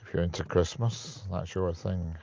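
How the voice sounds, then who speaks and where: A man's voice: low-pitched, normal speed, vocal fry, darkish tone, highs cut off. A man hosting a casual live stream, joking and chatting with viewers as he reads their comments. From United Kingdom. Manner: chatty, jokey, laughs at his own jokes.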